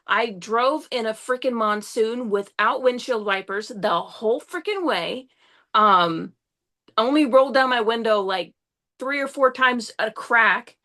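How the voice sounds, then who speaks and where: A young woman, a podcast guest, tells a story in an animated, casual way, rushing along and swearing now and then. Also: fairly high pitch. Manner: excitable, swears often, rushes through the story.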